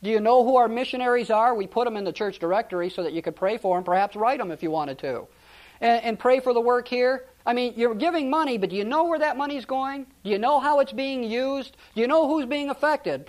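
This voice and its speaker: Plainspoken preaching man, storytelling. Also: very high-pitched. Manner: conversational preaching with restarts and storytelling. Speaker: pastor. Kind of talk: sermon.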